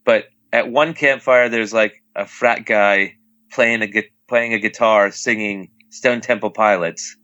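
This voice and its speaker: A middle-aged man tells a story in a bright, forward voice, laughing as he goes and acting out what others said. The sound is close and dry, slightly dull at the top. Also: lowish voice, steady tone, measured pace, dry recording. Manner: laughs often while telling, acts out others' lines. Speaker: father telling a trip story. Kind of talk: casual storytelling.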